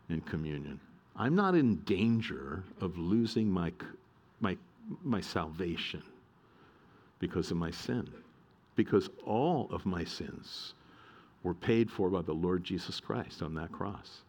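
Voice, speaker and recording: Earnest low-voiced male pastor preaching. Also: animated, measured pace, darkish tone. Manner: earnest preaching with emphatic repetition. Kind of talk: sermon.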